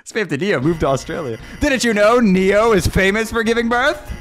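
A man casually reading AI-written game dialogue aloud and reacting, laughing often and swinging between deadpan reading and loud outbursts. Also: high-pitched, normal speed, soft background music.

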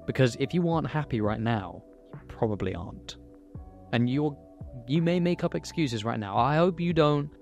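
A man's voice: medium pitch, expressive, moderate pace, gravelly, a little mellow, faint music behind. A young man, speaking candidly and earnestly in a personal motivational monologue, swearing now and then. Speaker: YouTuber.

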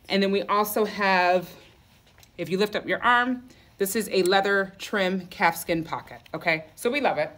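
A woman's voice: mid-range voice, fairly bright tone. A woman running a live sale from her clothing store, with sassy, campy patter full of "okay?" and "honey". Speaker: boutique owner selling clothes on a livestream.

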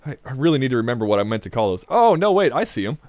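Very animated and very fast, this medium-pitched, slightly mellow male voice comes through a dry recording. He's a let's play gamer whose jokey, rambling commentary has him answering the game, chuckling often and wandering off on tangents.

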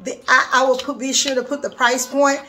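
A woman's voice: high voice, flat delivery, fairly quick, pushed and bright, slight background noise. A woman vlogging a nail haul from her bathroom vanity, chatty and gushing, often calling the viewers y'all. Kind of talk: casual haul video chat. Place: home bathroom vanity, seated.

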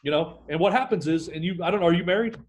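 A man's voice: sits high, rapid-fire, a little hiss or hum. A middle-aged man, a sales trainer, talking energetically in a podcast interview and acting out phone calls.

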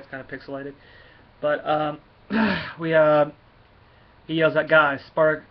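A man giving a casual spoken review of a comic, rambling and halting with many fillers. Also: a little high, highs cut off.

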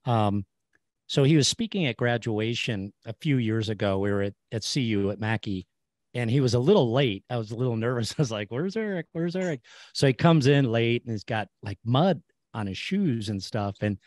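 A man's voice: medium pitch, moderate pace, a little mellow, no echo, clean studio sound. A man hosting an interview, affirming his guest and telling stories, repeating words as he goes. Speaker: podcast host. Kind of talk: casual interview chat.

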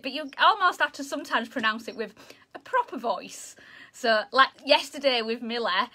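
Bright, bubbly Yorkshire woman teaching. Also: sits high, moderate pace. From Yorkshire, England. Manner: chatty, bubbly, self-deprecating. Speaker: zoo educator. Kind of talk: online children's lesson.

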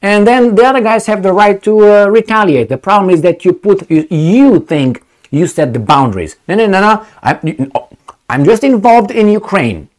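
A man's voice: high voice, big pitch swings, normal speed. A man, not a native English speaker, hosting his own channel in an opinionated monologue, ranting with many fillers and restarts. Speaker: commentary channel host.

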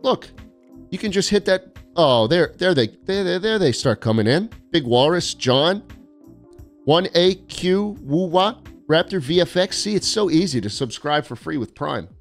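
Young male streamer, sarcastic and mock-arrogant, bouncy pitch, slightly higher voice, faint music behind. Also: lively intonation, unhurried. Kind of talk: casual live-stream chat reading viewer postcards.

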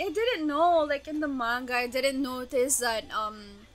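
A young woman reacting to an anime episode, gasping, laughing and exclaiming in bursts of excitement. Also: sits high, unhurried.

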